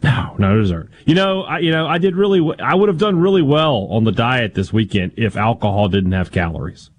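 A man co-hosting a sports radio show who tells stories about his weekend in a relaxed, playful way. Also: mid-range voice, brisk. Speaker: radio co-host. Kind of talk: casual sports radio banter.

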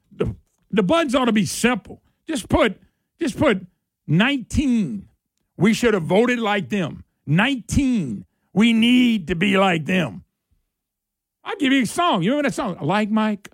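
A middle-aged man hosting a political talk radio monologue. He laughs and mocks as he talks, getting excited. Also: extremely high pitch, creaky, no room sound, studio quality.

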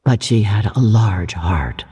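A reader voicing a solemn ghost, speaking low, grave and hushed. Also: animated, slow, husky, long reverb tail, exaggerated voice.

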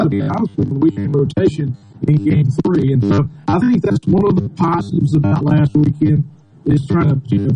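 A man speaking as a baseball analyst over an internet call, measured and thinking aloud as he goes. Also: fairly high pitch, low-quality recording. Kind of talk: casual sports analysis.

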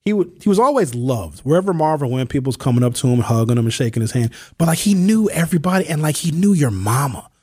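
A man hosting a radio talk show, speaking casually and telling stories in slangy, animated speech. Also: on the high side, fast talker, few pauses, husky, no room sound, studio quality. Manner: animated storytelling, slangy, reads listener texts. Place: radio studio. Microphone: studio microphone.

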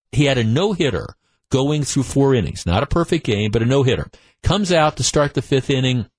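A man hosting call-in sports radio, venting in an animated, worked-up way and tripping over his words as he restarts sentences. His voice is close and completely dry, with no room sound at all. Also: mid-range voice, no room sound. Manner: animated, exasperated ranting with frequent restarts. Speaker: radio talk show host. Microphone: studio microphone.

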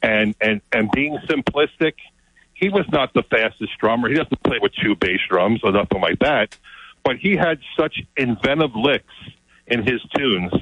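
A man telling an excited story as a guest, often repeating his words. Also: mid-range voice, moderate pace, slightly rough, no room sound. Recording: dull, lo-fi sound.

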